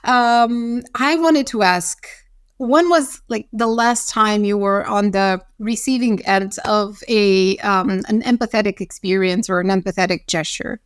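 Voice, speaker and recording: A woman's voice: medium pitch, steady tone, a little slow, smooth. A woman hosting a podcast interview, asking questions in a hesitant way with fillers. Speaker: podcast host.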